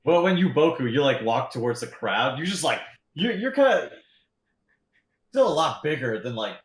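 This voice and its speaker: A man's voice: medium pitch, sing-song, fairly quick. A man narrating as game master in a tabletop game, rambling with lots of fillers. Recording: roomy echo.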